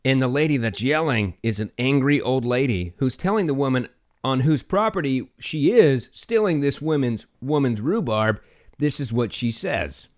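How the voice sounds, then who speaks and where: A man's voice: mid-range voice, lively intonation, normal speed. A man co-hosting a casual podcast, joking and retelling a viral clip with animation. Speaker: podcast co-host.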